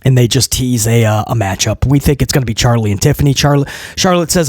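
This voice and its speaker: A man's voice: medium pitch, quick pace, few pauses, no echo, clean studio sound. A man giving a casual spoken review of a wrestling show, blunt and emphatic, piling up repeated phrases.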